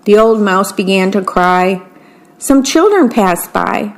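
Slow, gentle woman reading bedtime stories. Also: mid-range voice, animated. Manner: slow, gentle storybook reading, describing the pictures. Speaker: volunteer reading-service broadcaster.

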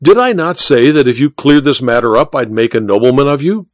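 A man's voice: mid-range voice, expressive, fairly quick, no echo, close to an everyday voice. A man voicing an imperious, ruthless old duke in an audiobook, speaking with haughty, theatrical exclamations. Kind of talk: audiobook reading.

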